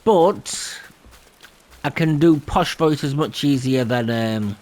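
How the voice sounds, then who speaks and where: A man's voice: mid-range voice, expressive, slow, darkish tone. A man hosting a gameplay video, rambling and self-deprecating and laughing often. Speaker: gaming channel host. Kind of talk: casual gameplay commentary.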